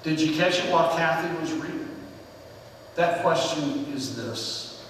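A fairly high-voiced man preaches in an earnest, storytelling way, his phrase endings sinking into quiet. He sounds distant from the mic, with the long reverb of a big sanctuary around him. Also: measured pace, slight background noise. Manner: earnest storytelling, dropping softly at phrase ends. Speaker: pastor. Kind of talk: conversational sermon with personal stories. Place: church sanctuary with congregation.

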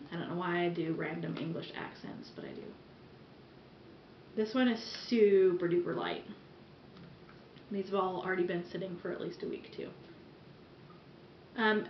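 A chatty woman rambles through a casual product review, breaking off now and then for giggly asides. Her voice sits at an ordinary middle pitch. The sound is dull and roomy, like a camera's built-in mic picking her up at home. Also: slight background noise. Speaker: vlogger reviewing wax melts. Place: room at home.

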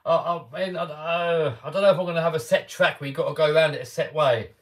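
A man from England with an English accent and a voice pitched a little above average. He chats casually and cheerfully with viewers on a live stream, restarting sentences and filling gaps with 'uh' and 'I mean'. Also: steady tone, fast talker. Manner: chatty and upbeat, with many restarts and fillers. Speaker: RC car YouTuber hosting a live stream.

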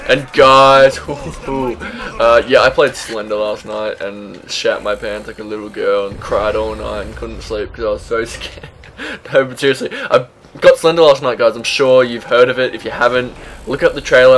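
A man's voice: medium pitch, a bit bright. Young Aussie guy narrating his zombie-game run, loose and sweary, mid-range voice, faint background hiss. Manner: chatty, swears freely, laughs at himself. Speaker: gaming YouTuber. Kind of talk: casual gameplay commentary.

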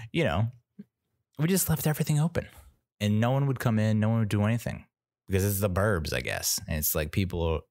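A man's voice: fairly low pitch, expressive, moderate pace, pauses often, no echo, studio quality. A man hosting a podcast, telling a rambling, profane story in casual monologue and acting out what people said. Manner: rambling storytelling, acts out quoted voices, swears. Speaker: podcast host.

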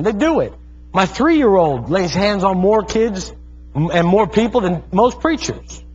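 A man's voice: high-pitched, expressive, measured pace, slightly rough. A man in his thirties preaching a sermon, calling out to the congregation and telling stories with fervent energy. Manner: fervent, calls out to congregation, storytelling. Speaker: pastor. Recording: dull lo-fi sermon recording.

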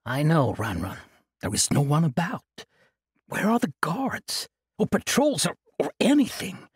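A nervous young man, high-strung and fretful, as a man puts him on. His voice is pushed up high and sounds breathy and rough. It is dry and close. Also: huge pitch swings, a little slow, no echo, exaggerated voice. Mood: worried.

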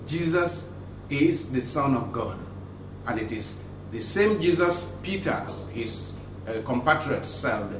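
A priest preaching an earnest, encouraging sermon and reading scripture aloud, his phrases often dropping low and soft. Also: expressive, slow pace, a little hiss or hum. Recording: roomy echo, distant from the mic, guitar music behind.

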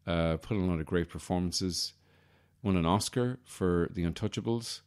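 A man with a very low, deep voice hosts a comedy podcast. He rambles from one aside to the next in a wry, self-deprecating way, often catching and correcting himself. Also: moderate pace, a little mellow, smooth. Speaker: podcast host.

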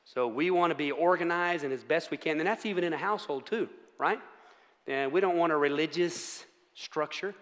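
Speaking in a fairly high, a bit bright voice, this pastor delivers a laid-back sermon full of jokes at his own expense. He keeps checking that the room agrees with him, and the sanctuary adds long church hall reverb.

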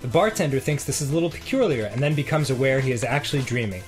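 A man telling dark jokes in casual banter, with a lively delivery and crude asides. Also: medium pitch, fast talker. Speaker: comedy show co-host. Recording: animated comedy show with faint music.

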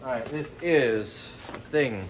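A man's voice: medium pitch, slow pace, slight background noise. Joking man unboxing items. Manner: joking, rambling, thinks aloud. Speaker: reseller vlogger. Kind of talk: casual unboxing commentary.

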